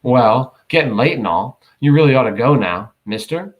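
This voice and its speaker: A man's voice: mid-range voice, expressive, moderate pace, highs cut off, close to an everyday voice. A man voicing a blunt, folksy small-town dump keeper.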